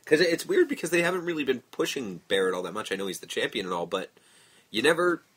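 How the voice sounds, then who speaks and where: A man's voice: mid-range voice, sing-song, fast talker, fairly bright tone, husky. A man co-hosting a podcast in casual chat, blunt, swearing freely and laughing often. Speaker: podcast co-host.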